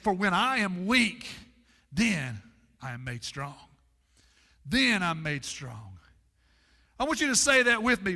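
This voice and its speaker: A man preaching a sermon as pastor, with dramatic pauses and lots of repetition, in a church sanctuary. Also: high-pitched, bright, forceful tone, big-room sound.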